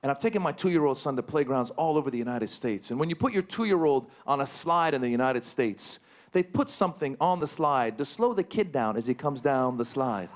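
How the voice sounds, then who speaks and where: A middle-aged man doing a stand-up comedy set on stage, animated and lively, leaping into high, loud voices for his punchlines. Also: brisk. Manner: animated, jumps into shouted high-pitched bits for jokes. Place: large theater stage with a live audience.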